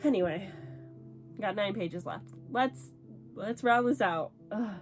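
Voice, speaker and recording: A young woman vlogging casually about a book she is reading, with animated, dramatic reactions. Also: medium pitch, slow pace, faint music behind. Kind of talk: casual reading vlog chat.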